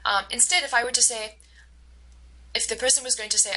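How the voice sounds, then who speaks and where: Husky-voiced woman teaching a lecture. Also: a little high, pushed and bright, low-quality recording. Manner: explains slowly, acts out example dialogues, many fillers. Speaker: instructor. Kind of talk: recorded lecture.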